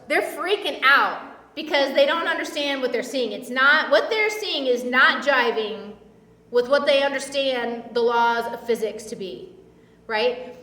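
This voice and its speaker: A woman's voice: high voice, moderate pace, bright, forceful tone, roomy sound, big-room sound, distant mic. A woman preaching a casual sermon in a chatty, filler-heavy way, acting out the voices she quotes. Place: church.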